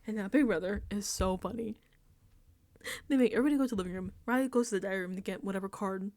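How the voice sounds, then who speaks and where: A woman's voice: medium pitch, quick pace, darkish tone, dry recording. A woman casually recapping a reality show episode, chatty and laughing often, sometimes dropping into whispered asides. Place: indoors, home setup.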